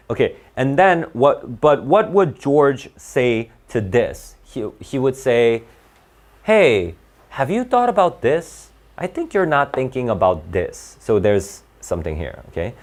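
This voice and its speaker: A man working through reading test questions aloud as a tutor, in a casual, self-correcting way that keeps checking with "right?". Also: mid-range voice. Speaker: SAT tutor. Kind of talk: thinking-aloud test walkthrough.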